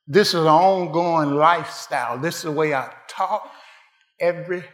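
A man preaching a sermon, building to shouted climaxes and then dropping to hushed, quiet lines. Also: a little high, moderate pace, echoey room.

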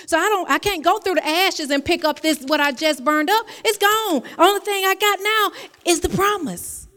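A woman's voice: very high voice, moderate pace, bright, forceful tone. Woman preaching in an echoing hall. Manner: conversational preaching, repeats phrases, tells personal stories. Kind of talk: sermon.

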